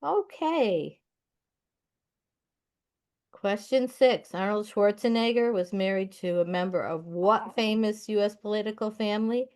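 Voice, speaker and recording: A woman hosting a library trivia night, reading out questions and their answers in a deliberate way. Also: medium pitch, darkish tone. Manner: slow, deliberate, announces each question number. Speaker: trivia quiz host. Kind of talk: reading quiz answers aloud.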